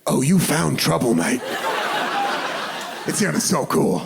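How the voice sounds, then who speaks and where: A man's voice: a little high, very animated, a little slow, vocal fry, pitched below the performer's own voice, exaggerated voice. A man voicing a tiny, very drunk, cocky British man who hurls taunting insults, with a put-on British accent. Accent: British English, put on. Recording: noisy live club recording.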